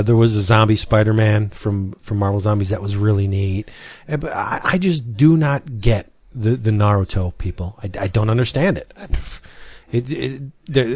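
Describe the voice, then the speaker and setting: A man co-hosting a podcast, telling stories in an animated way and laughing often. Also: fairly low pitch. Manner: animated storyteller, quick to laugh. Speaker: podcast co-host. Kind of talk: casual chat.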